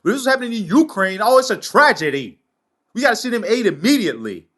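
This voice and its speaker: A man hosting his own commentary show, reading news aloud and ranting loudly with heavy profanity. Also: sits high, big pitch swings, fast talker. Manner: loud. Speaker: political commentary host.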